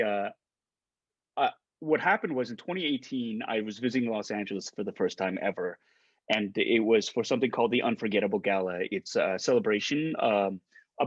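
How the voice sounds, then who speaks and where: A man in his forties, an actor, telling an anecdote in excitable, casual talk with many restarts, heard through a dull lo-fi stream. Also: on the low side, breathy edge, dry recording. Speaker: actor guest on a panel.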